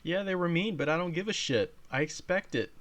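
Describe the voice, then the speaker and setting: A man's voice: high-pitched, lively intonation, fairly quick, a bit bright. A man hosting a reaction video, sarcastic and profane, speaking straight to his viewers. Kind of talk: casual reaction commentary.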